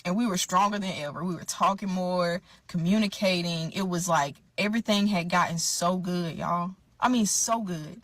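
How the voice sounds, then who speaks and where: Animated woman telling a personal story. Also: fairly low pitch, moderate pace, few pauses, dry recording. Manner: animated, addresses viewers as y'all, repeats for emphasis. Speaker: storyteller in a clip.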